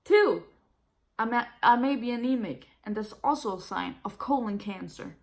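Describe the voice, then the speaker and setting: Blunt, gravelly-voiced young woman venting. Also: a little high, lively intonation, normal speed. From Denmark. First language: Danish. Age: 20s. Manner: blunt and profane, quoting others in raised voices. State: tired and nauseous. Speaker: vlogger. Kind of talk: casual venting to camera.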